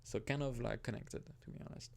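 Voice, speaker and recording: Young man gamer, rambling and self-interrupting, gravelly fry, mid pitch. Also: fairly even intonation, fairly quick, darkish tone. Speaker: gaming video host. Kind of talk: casual gameplay commentary.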